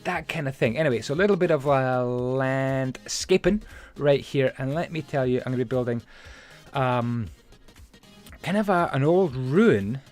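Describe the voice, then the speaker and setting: A man's voice: medium pitch, moderate pace, a little mellow, faint music behind. A man hosting a casual game-building video, rambling chattily with plenty of fillers and asides as he tells stories. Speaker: Minecraft building channel host. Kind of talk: casual building commentary and storytelling.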